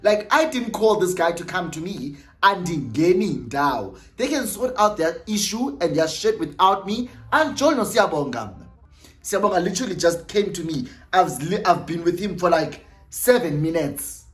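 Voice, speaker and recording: A young South African man with a South African accent, telling a story casually in an animated way and slipping in isiXhosa phrases. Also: sits high, normal speed, roomy sound. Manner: animated, laughing, mixes isiXhosa phrases into his talk. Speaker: vlogger.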